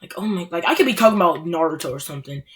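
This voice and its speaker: A woman's voice: fairly low pitch, animated, racing, slight background noise. A young woman ranting casually and with exasperation, full of filler words and mocking quotes. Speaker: anime ranter. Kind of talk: casual rant.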